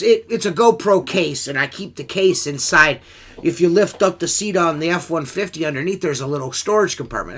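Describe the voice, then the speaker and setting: Middle aged podcast guy, bright punchy voice, rambly and cussing a lot. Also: fairly high pitch. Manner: loose, rambling, swears a lot. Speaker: podcast host. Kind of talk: casual profane podcast chat.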